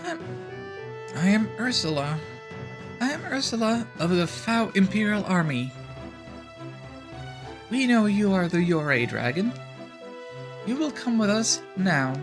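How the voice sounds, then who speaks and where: A man's voice: sits high, very animated, measured pace, pauses often, over music, pitched above the performer's own voice, exaggerated voice. A man voicing a stern female army officer in a game, with a commanding manner. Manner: commanding, then pleading. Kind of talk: live game voice-acting.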